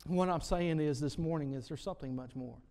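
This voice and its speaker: A man preaching a sermon, retelling stories and building to repeated emphatic lines, his loudness rising and falling. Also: on the high side, a little fast.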